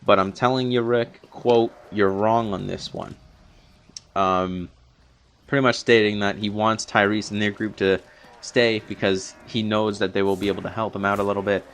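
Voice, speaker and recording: A man's voice: on the low side, fairly even intonation, moderate pace, fairly bright tone, a little hiss or hum. A young man recapping a TV episode in a long, rambling unscripted review, full of fillers and restarts. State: a little out of breath from long talking.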